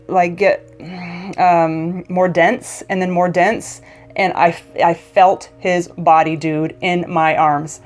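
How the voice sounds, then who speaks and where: A woman vlogger telling a personal story in a casual, emotional way, often stumbling and restarting mid-sentence. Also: on the low side.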